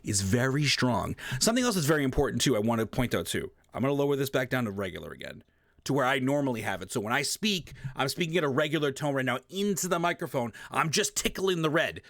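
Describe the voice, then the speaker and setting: Animated, ranting man at a gaming desk. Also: mid-range voice, fast, no echo, clean studio sound. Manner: emphatic, repetitive, swears, animated sound effects. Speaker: streamer giving an audio tutorial. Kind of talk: casual ranting tutorial. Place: home gaming setup. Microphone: desk microphone, often turned away.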